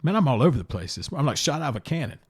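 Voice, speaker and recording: A man's voice: mid-range voice, rapid-fire, husky. A man hosting a casual podcast, rambling from topic to topic, often restarting and repeating words, blunt in his opinions. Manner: blunt and animated. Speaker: podcast host.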